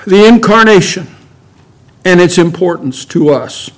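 A man delivering a sermon at an unhurried, measured pace. His voice sits a little above the usual male range, and he leans hard on key words and asks his listeners question after question. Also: sits high. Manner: emphatic, rhetorical questions, slow deliberate delivery. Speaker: pastor.

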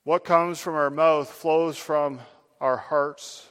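A man's voice: fairly high pitch, steady tone, slow pace, a bit bright, smooth, in a large hall. A man preaching a sermon, addressing his listeners directly with earnest, building emphasis.

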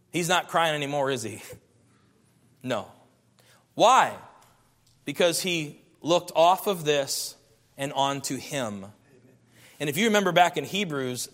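A man preaching a sermon, his voice pitched high and ringing bright as he reads scripture aloud. He stacks up emphatic lists of repeated phrases. Each word trails off in a long reverb, as if in a large sanctuary.

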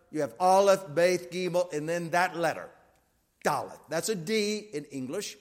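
A man's voice: high-pitched, lively intonation, unhurried. A man teaching a Bible class, explaining step by step, repeating key points and checking that listeners follow. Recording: long reverb of a hall.

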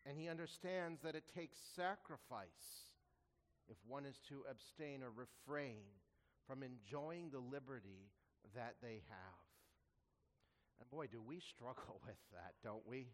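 A man preaching a sermon as a pastor, earnest, asking rhetorical questions and slowing down to stress quoted scripture. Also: medium pitch, long reverb tail. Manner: earnest, rhetorical questions, slows for emphasis when quoting scripture.

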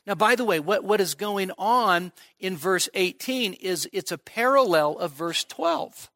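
Emphatic high-voiced male preacher, dry sound. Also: expressive, measured pace, sharp tone, no echo. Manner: emphatic, repeats words while building a point. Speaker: pastor. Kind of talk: expository sermon. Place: church midweek service.

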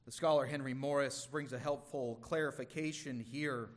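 A man's voice: medium pitch, fairly even intonation, normal speed. A man preaching a sermon in an earnest, emphatic way, with the odd stumble and restart. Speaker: pastor.

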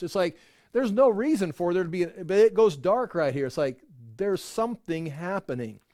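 A man's voice: high-pitched, expressive, normal speed, a little mellow, dry recording, studio quality. A man giving a conversational Bible teaching that wanders through restarts and rhetorical asides.

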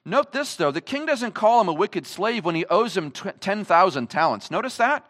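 High, lively-voiced male preacher. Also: moderate pace. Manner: emphatic, asks the congregation many rhetorical questions. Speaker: pastor. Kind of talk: sermon. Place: church service.

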